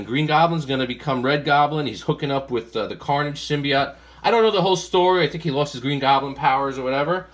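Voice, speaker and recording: A man's voice: mid-range voice, fairly bright tone. A man hosting a casual comic haul vlog, a rambling storyteller who fills his talk with fillers and acts out what he told people. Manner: chatty, many fillers. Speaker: comic collector vlogger.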